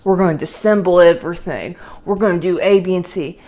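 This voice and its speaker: A woman's voice: on the low side, fast, warm tone, voice pushed down, lightly acted. A woman voicing a self-righteous Southern religious zealot in an overblown, mocking Southern US drawl. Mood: sanctimonious.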